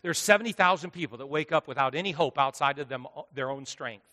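A man preaching a sermon as pastor, swinging between hushed asides and loud, driving lines. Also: on the high side, fast talker. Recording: long hall reverb.

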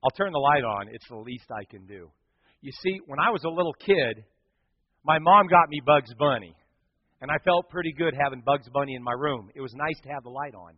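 A man preaching a sermon as the pastor, telling a story with lively, animated delivery and acting out other people's lines. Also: mid-range voice, fairly quick. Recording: dull sound with long hall reverb.

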